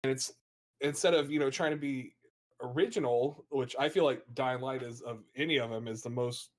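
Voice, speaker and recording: An American man co-hosting a gaming podcast chat. He rambles in an animated way and laughs often, with a voice at a middle pitch. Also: normal speed. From United States (Florida). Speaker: podcast co-host and streamer.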